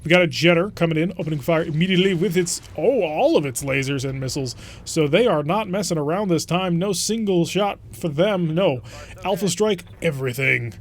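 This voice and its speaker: A chatty man giving relaxed gameplay commentary, thinking aloud as he weighs his next moves. His voice sits a little higher than most men's. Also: fairly quick, hardly any pauses, a little hiss or hum. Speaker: let's play host.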